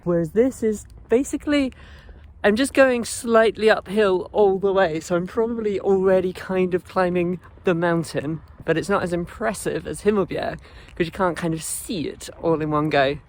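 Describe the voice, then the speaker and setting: A woman's voice: on the low side, moderate pace, a little mellow. A woman narrating a casual walking vlog outdoors in a chatty, wry, easily amused way. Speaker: travel vlogger. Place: outdoors, walking through countryside.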